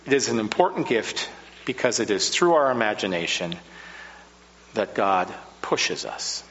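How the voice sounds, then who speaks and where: A man delivering a sermon in a slow, measured preaching style with dramatic pauses. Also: on the low side, sing-song, a bit bright, long reverb tail, muffled recording.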